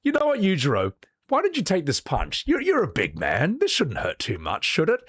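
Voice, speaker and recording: A man voicing a tiny, withered, ancient martial arts master who taunts his opponent in a mock-gentle way. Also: fairly high pitch, huge pitch swings, moderate pace, slightly rough, dry recording, studio quality, exaggerated voice. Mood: teasing.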